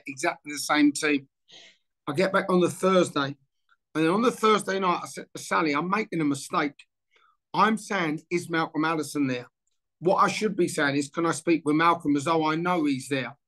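A former footballer in his sixties, interviewed informally, relates an anecdote and acts out the exchanges vividly. His voice sits a little high and moves at an ordinary pace.

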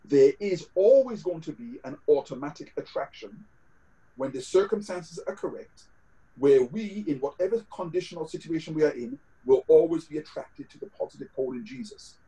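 A man's voice: fairly high pitch, animated, moderate pace, warm tone, rough recording. A man with a British accent preaching a sermon over a video call, conversational, with scripture quotes and fillers. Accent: British English.

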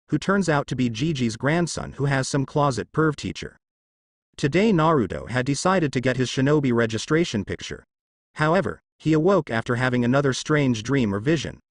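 Male narrator with lively intonation. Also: mid-range voice, fairly quick, no room sound, clean studio sound. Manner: straightforward storytelling. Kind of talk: reading a fan story aloud.

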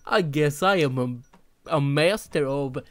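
A young adult gamer with a Swedish accent, giving giggly, shouty commentary while playing and talking to the game characters. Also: medium pitch, takes it slowly, dry recording. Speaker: let's play gamer. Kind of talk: excited gameplay commentary.

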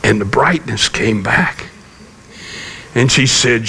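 A man preaching a sermon, telling a personal story in a folksy, gently humorous way. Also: medium pitch, slow, pauses often, slightly rough. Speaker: pastor.

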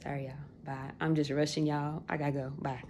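Woman in her late 20s just chatting to the camera, low voice, real gravelly, slangy and loose. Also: level tone, fairly quick, heavy background noise. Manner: chatty, talks straight to viewers, folksy slang. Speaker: vlogger. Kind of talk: casual chat to viewers.

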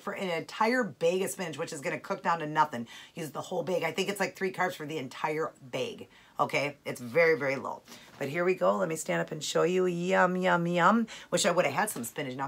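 A woman with a bright, sharp tone and a husky edge talks to camera in a chatty, upbeat cooking vlog. She sits a touch low in pitch and tastes the food between remarks. Now and then she drifts away from the camera mic. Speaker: keto cooking vlogger. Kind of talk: casual cooking chat to camera.

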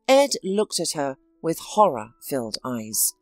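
A woman narrating a dramatic story with scripted, expressive delivery. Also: medium pitch, moderate pace, dry recording, faint music behind.

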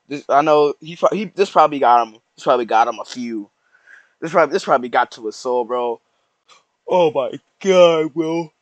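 A young man rambling through casual reaction commentary, slangy and mock-sorrowful, with restarts and drawn-out sighs. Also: on the high side, animated, dry recording. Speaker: YouTuber reacting to posts.

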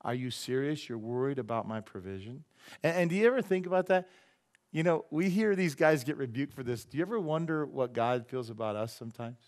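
A pastor preaching in a church with a mid-pitched voice. He talks loosely and with humor. He slips into short acted voices for the people he describes. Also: brisk. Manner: animated, acts out voices and jokes with the congregation. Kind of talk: sermon.

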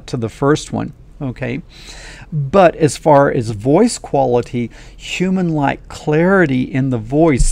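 Man with a gravelly voice, friendly coding teacher addressing viewers directly, casual and upbeat. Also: medium pitch, darkish tone. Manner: folksy, enthusiastic, talks straight to viewers. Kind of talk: casual screen-recorded lesson.

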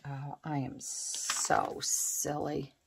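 Working through a crafting vlog, this host chats casually and pokes fun at her own scatterbrained habits. Her voice sits low and gravelly with little pitch movement, and she speaks extremely slowly. There's a faint hiss or hum.

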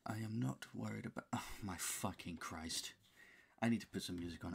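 A worn-out man with a deep, gravelly voice grumbles and swears at himself between takes. His tone is husky and low, and he sometimes drops to a whisper as he loses his place. It is a home recording in the small hours, heard through his own mic. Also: normal speed. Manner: frustrated muttering and cursing. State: exhausted. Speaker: voice actor. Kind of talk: recording bloopers, talking to himself.

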